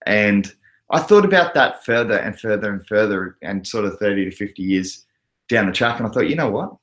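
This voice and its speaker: A man's voice: lowish voice, lively intonation, a little fast, fairly bright tone. An Australian man hosting a casual crypto livestream, chatting loosely and laughing often as he reads out viewer comments. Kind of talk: casual live chat reading comments.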